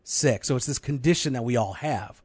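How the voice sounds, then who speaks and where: A man's voice: medium pitch, a little fast, darkish tone, slightly rough, no room sound. A man co-hosting a casual theology podcast, playful and joking, easily sidetracked. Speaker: podcast co-host.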